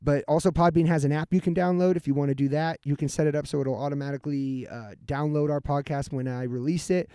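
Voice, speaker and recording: A laid-back male podcast host with a slightly higher voice, reading off the show's outro in a loose, casual flow. He swears freely and sounds easygoing. The sound is dry and close to the mic. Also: steady tone, fast talker, few pauses, dark tone, clean tone, no room sound. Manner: laid-back, swears often, laughs easily.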